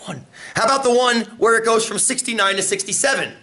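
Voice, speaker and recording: A man teaching a statistics class, animated and full of questions for his students. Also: very high-pitched, fast. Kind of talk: classroom lecture. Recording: roomy, from far off, faint room noise.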